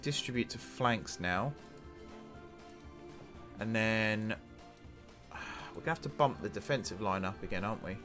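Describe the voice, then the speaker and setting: A man's voice: lowish voice, measured pace, pauses often. A man hosting a gaming channel, casually commentating a football management game and urging his players on, with faint music behind him. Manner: excitable, talks to the game's players.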